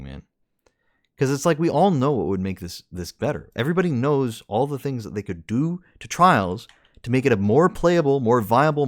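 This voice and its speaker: Exasperated male streamer ranting, lively pitch. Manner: exasperated, repetitive venting. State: tired. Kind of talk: frustrated gaming rant.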